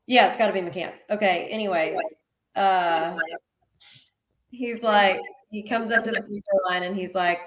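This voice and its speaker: Animated woman in an echoey room. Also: mid-range voice, unhurried. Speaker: podcast co-host. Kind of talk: casual sports chat.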